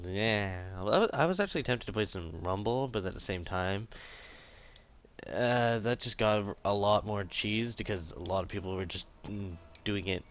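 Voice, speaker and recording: A man giving casual, excitable commentary while playing a game, swearing at his teammates. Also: fairly low pitch, normal speed, highs cut off. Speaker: gaming commentator.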